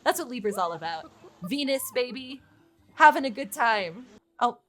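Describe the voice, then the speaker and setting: A woman giving chatty, excitable let's play commentary on her game, swearing freely as she goes. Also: a little high, moderate pace. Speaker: gaming YouTuber.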